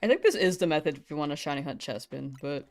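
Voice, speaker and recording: A woman's voice: deep voice, lively intonation, fast, faint music behind. Giggly young American woman streamer. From United States. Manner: giggly, chatty, often laughing between remarks. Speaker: game streamer. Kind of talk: casual live-stream chat with viewers.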